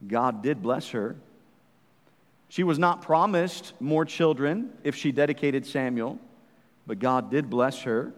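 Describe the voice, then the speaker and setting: A man preaching a sermon in a church, fervent and full of rhetorical questions, swinging from hushed to loud. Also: medium pitch, slow, long reverb tail. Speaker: pastor.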